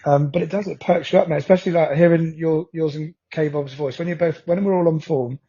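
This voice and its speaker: Mellow, husky man chatting. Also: on the high side, fairly even intonation, brisk. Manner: laid-back, laughing, says mate and bruv. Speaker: podcast co-host. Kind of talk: casual chat. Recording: dull lo-fi sound.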